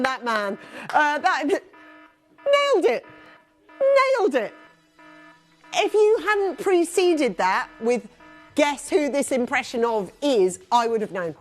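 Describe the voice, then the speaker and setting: A woman presenting a live shopping channel, chatty and upbeat, rattling off prices and buyers' names. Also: high voice. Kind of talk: live TV selling.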